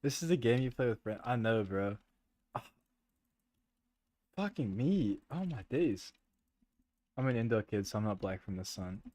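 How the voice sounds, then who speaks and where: A man's voice: on the low side, expressive, moderate pace, pauses often, darkish tone, no room sound. Jumpy swearing young male streamer. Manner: swearing, jumpy, nervous laughing, says bro a lot. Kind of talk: horror game livestream chat with friends.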